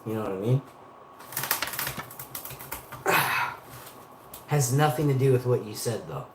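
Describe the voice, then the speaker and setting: A man's voice: mid-range voice, expressive, slow pace, reverberant, very noisy. A man in his forties from Canada, rambling profanely through stories as a livestream host. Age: 40s. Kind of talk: rambling casual monologue.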